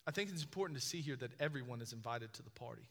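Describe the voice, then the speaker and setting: A man's voice: medium pitch, expressive, rapid-fire, fairly bright tone. A man preaching a sermon as a pastor, conversational and joking, often putting questions to the congregation. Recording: long reverb of a large hall.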